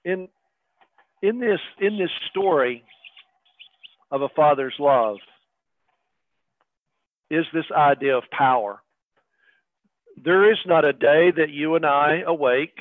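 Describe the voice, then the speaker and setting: A man's voice: on the high side, lively intonation, slow, long pauses, no echo. A middle-aged man preaching a sermon in a conversational way, with many fillers and direct asides to the congregation. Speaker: pastor. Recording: tinny phone-like radio broadcast.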